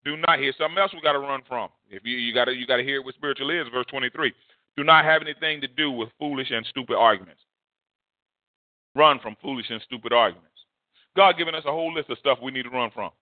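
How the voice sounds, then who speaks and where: A male pastor preaching a storytelling sermon, leaping high in pitch to act out a shouting crowd. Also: fast talker, no room sound. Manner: animated, swings high to mimic a shouting crowd. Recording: dry, phone-like narrow sound.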